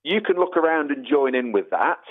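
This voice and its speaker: A man's voice: a little high, animated, fairly quick. A man, a podcast guest chatting emphatically and often saying mate. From England. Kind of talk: casual conversation. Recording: phone-like audio line.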